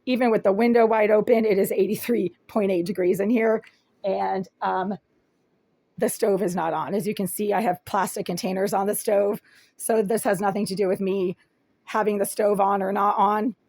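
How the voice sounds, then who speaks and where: A raspy-voiced woman filming a first-person complaint video in a small apartment room on a handheld phone, talking in an aggrieved, detailed and insistent way. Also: mid-range voice, fairly even intonation, normal speed, darkish tone, dry recording. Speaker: vlogger.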